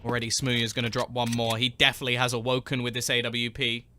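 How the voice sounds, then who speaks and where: A man calling a live esports match play by play, quick and building excitement as the action lands. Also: mid-range voice, a little hiss or hum. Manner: rapid, rising excitement on kills. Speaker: esports caster. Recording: game gunfire audible behind. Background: in-game gunshots.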